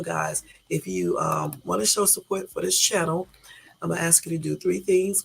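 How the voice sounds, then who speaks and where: A woman's voice: on the low side, gravelly, slightly rough. A woman with a Southern US accent hosting a casual early-morning live stream, chatty and loose, in a groggy morning voice. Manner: chatty, loose, talks to chat viewers. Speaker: YouTube live host.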